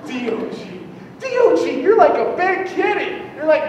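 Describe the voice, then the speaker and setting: A man's voice: extremely high pitch, animated, moderate pace, noisy background. A young man doing a rambling, self-mocking stand-up set and riffing with the crowd. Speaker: stand-up comedian. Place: live comedy venue with an audience. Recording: echoey hall recorded from far off.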